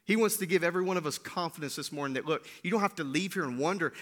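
Guy preaching, high bright voice, gets loud then goes real quiet, keeps saying right?. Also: rapid-fire, few pauses. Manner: animated, swings from loud to hushed, many "right?" asides. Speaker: pastor. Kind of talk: sermon.

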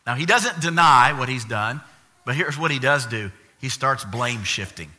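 A man old enough to have a grandson preaches in a very bright, mid-pitched voice. He tells stories with energy and acts out the voices of the people in them. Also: normal speed. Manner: animated storytelling, acts out quoted voices. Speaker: pastor. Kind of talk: sermon.

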